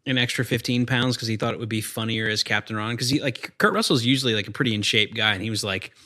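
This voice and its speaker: A man's voice: on the low side, pushed and bright. A man co-hosting a podcast in casual chat, opinionated and joking, with many fillers like "like". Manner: opinionated, lots of "like", quick jokes. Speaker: podcast co-host.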